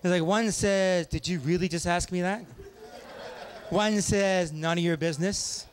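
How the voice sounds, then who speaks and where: High-voiced man doing pub stand-up. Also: fairly even intonation, unhurried, slight background noise. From Ontario, Canada. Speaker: stand-up comic. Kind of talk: stand-up comedy set. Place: small pub stage.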